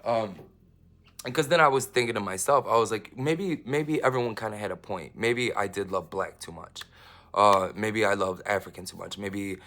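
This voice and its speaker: A man giving a rambling personal monologue, halting with many restarts and fillers, swinging between emphatic outbursts and hushed asides. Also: sits low.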